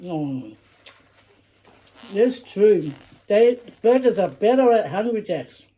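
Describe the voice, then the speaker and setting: A woman's voice: mid-range voice, animated, a little slow, dark tone, lo-fi sound. A middle-aged woman, chatting casually while eating and humming over her food. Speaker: vlogger eating with her daughter. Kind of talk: casual mukbang chat.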